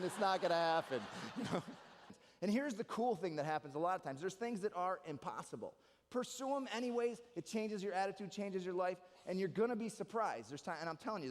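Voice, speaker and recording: A young man works a live audience with stand-up comedy, his voice riding high and bright. He tells stories with quick asides and jokey turns. A long reverb from the hall trails behind every line. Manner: animated, jokey storytelling with asides. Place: live stage in a large hall.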